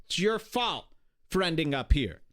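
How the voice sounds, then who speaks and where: Animated, profane male podcast host. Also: a little high, moderate pace. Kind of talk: casual ranting commentary.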